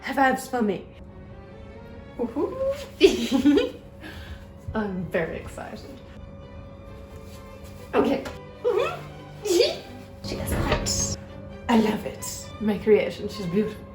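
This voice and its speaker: Woman, cooking vlogger, bubbly, gushing, lively pitch, echoey kitchen, faint music. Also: extremely slow, pauses often. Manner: bubbly, gushing, talks to her food. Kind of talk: casual home cooking vlog. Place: home kitchen.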